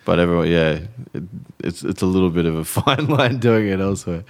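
A man's voice: deep voice, lively intonation, fairly quick, a little mellow. An Australian man, a guest comedian and singer, chatting casually on a podcast with a slightly slurred voice, wandering off on tangents. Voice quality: slurry speaking voice. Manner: rambling, goes off on tangents.

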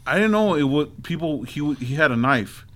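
A man's voice: on the high side, animated, fairly quick, noisy background. A man as guest co-host on a casual podcast, a rambling storyteller who acts out his own reactions. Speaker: guest co-host, former bouncer.

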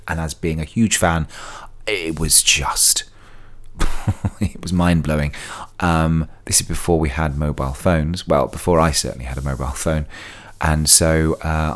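Very deep-voiced man rambling chattily. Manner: chatty and digressive, wanders into sidebars. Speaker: podcast host. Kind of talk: casual solo podcast storytelling.

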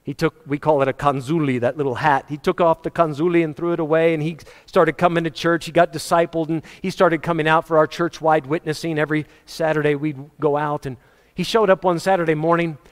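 Male preacher, emphatic storyteller, higher voice, church hall echo. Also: fairly even intonation, a little fast. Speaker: pastor. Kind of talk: sermon. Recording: long hall reverb.

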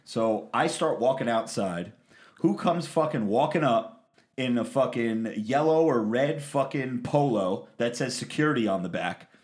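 A man's voice: medium pitch, unhurried. A man telling a crude story in a casual podcast chat, swearing constantly and acting out what people said. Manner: profane, animated, acts out quotes.

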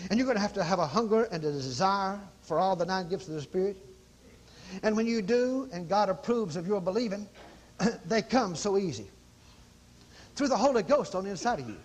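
Male preacher, high voice, very animated pitch, folksy, dramatic. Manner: folksy, dramatic, acts out quoted exclamations. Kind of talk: sermon.

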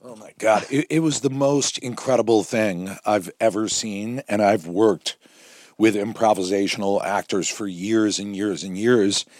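Animated male director telling stories. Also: lowish voice, measured pace, no echo, clean studio sound. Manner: animated storyteller, quotes people in voices. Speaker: film director. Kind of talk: conversational anecdotes.

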